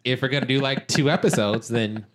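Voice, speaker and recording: A man's voice: medium pitch, fairly quick, a little hiss or hum. A man co-hosting a podcast who drops short, dry jokes into the conversation. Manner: dry jokey interjections. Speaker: podcast co-host. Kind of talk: casual podcast chat.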